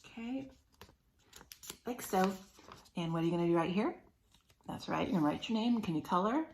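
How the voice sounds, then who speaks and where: A woman teacher giving a remote phonics lesson to young children, sounding words out slowly and encouraging them. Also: mid-range voice, animated, darkish tone, reverberant, a little hiss or hum.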